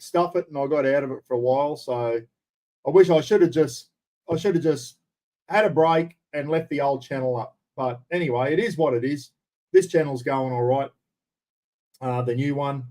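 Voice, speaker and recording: This Australian livestream host has a medium-pitched, slightly mellow voice. He's at home in a room, chatting casually and calling out the names of viewers to greet them.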